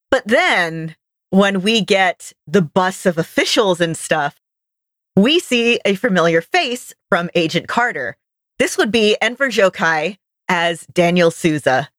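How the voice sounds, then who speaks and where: A woman's voice: medium pitch, a bit bright, no echo. Woman co-host, casual chatty recap, dry close sound. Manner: chatty, laughs easily. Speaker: podcast co-host. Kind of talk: casual chat.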